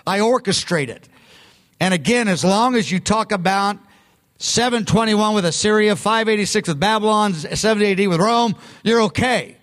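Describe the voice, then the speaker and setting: High-voiced male preacher, conversational. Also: normal speed, fairly bright tone. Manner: conversational, emphatic, self-interrupting. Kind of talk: sermon teaching.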